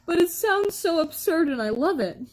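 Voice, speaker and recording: A woman's voice: very high-pitched, sing-song, normal speed, a little mellow, rough recording. A woman streamer chatting casually with her viewers, laughing often and answering chat.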